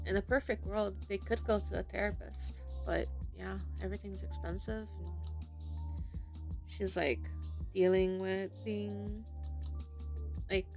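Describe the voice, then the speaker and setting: A woman streamer reading a visual novel aloud at a steady pace, now and then adding wry asides. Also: mid-range voice, unhurried, gravelly, pauses often. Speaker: gaming streamer. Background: background music.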